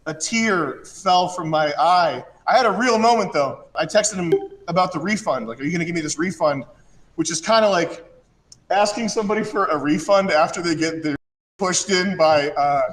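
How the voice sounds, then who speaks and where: A man hosting a casual chat, rambling and mocking, sometimes breaking into shouted rants. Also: on the high side, moderate pace. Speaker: show host.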